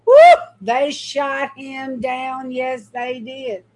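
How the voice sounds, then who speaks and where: A middle-aged woman telling a personal faith story to her viewers, with a voice pitched a little high. She talks in a folksy, emphatic way and speaks straight to her audience. She sounds casual and heartfelt. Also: steady tone, drawn-out words, rough recording. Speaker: mother giving a faith testimony.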